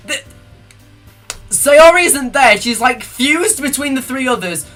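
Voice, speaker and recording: Jittery young streamer, bright voice. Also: male voice, very high voice, a little slow, faint music behind. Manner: excitable, panicky outbursts and nervous rambling. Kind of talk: live game stream, reading game text aloud and reacting.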